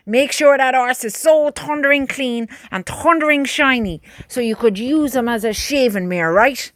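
A woman playing a booming army sergeant. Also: moderate pace, fairly bright tone, no echo, clean studio sound. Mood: bossy. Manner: barking orders.

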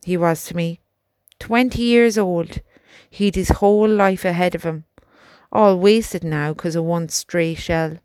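A woman voicing a gentle young male soldier who talks softly and reassuringly to his horse, in an audiobook. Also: lowish voice, a little slow, no echo, natural voice. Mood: grieving. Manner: soft, chatty, reassuring talk to a horse.

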